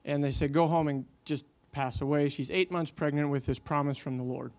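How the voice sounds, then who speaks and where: A man's voice: a little high, steady tone, fairly quick, a little mellow. A man telling a long faith story in casual conversation, animating the quotes he tells, with many fillers.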